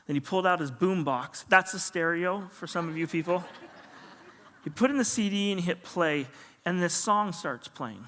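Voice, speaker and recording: A middle-aged man telling a story in a sermon, acting out the voices of people in it. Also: high-pitched. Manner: animated storyteller, acts out dialogue. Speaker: pastor. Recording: long hall reverb.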